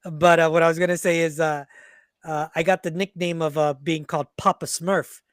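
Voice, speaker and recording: A Navy veteran co-host talks reflectively, his speech full of fillers. He has a slightly high voice, and the sound is dry with no room echo. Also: little pitch movement, moderate pace. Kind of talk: casual conversation.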